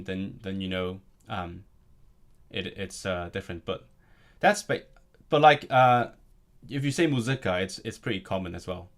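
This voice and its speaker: A man with a lowish voice chats on a live stream. He rambles, restarts his sentences often and keeps an easy, casual flow. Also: a bit bright. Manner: rambling, chatty, many restarts. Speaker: language streamer.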